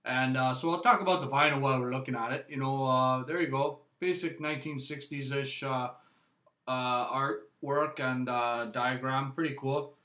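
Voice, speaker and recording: A man's voice: mid-range voice, steady tone, moderate pace, pushed and bright, roomy sound. A Canadian man hosting a casual record review, rambling and chatty, with frequent tag questions. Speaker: music vlog host.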